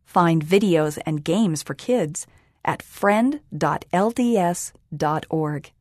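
A woman reading a children's magazine aloud in a calm, even scripted style. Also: on the low side, slow, dry recording, studio quality. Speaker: magazine reader.

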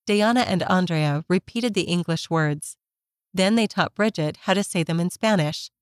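A woman narrating a children's story in a gentle, measured scripted reading. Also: on the low side, no echo.

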